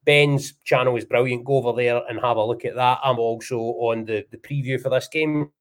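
A man's voice: medium pitch, fairly even intonation, moderate pace. A man with a Scottish accent, hosting a casual football podcast with banter. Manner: banterous, says aye and wee. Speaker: podcast host.

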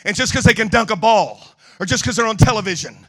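A male preacher delivering a sermon with comic storytelling, swinging from low murmurs to shouting. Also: fast.

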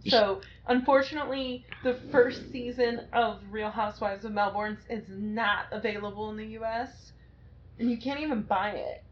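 A woman's voice: fairly high pitch, moderate pace. Young female co-host, upbeat and chatty, a bit sweary; muffled lo-fi mic. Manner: chatty, enthusiastic, swears casually. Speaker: podcast co-host. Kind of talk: casual chat. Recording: dull lo-fi sound with faint noise.

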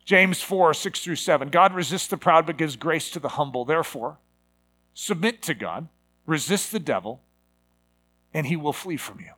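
A man's voice: a little high, animated, normal speed, bright, forceful tone. A man preaching a sermon, moving from a personal story to emphatic exhortation.

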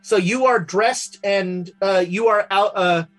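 Slow, halting game master man. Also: high voice, fairly bright tone, faint music behind. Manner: halting, many fillers and restarts. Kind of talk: narrating a tabletop game.

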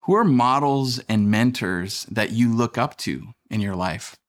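A man in his thirties preaching a sermon in a relaxed, conversational way, mixing scripture with self-deprecating family stories. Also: medium pitch, a little slow. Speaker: pastor.

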